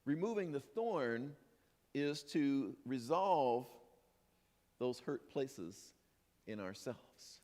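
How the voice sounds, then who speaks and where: A man giving a sermon as minister, playful and animated, acting out imagined voices. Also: mid-range voice, extremely slow, long pauses. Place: church sanctuary. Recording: long hall reverb.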